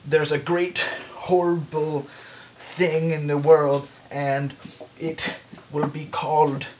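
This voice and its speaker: A young man voicing a pompous French archaeologist who speaks in theatrical, drawn-out exclamations. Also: fairly high pitch, level tone, a little mellow, a little hiss or hum, low-quality recording.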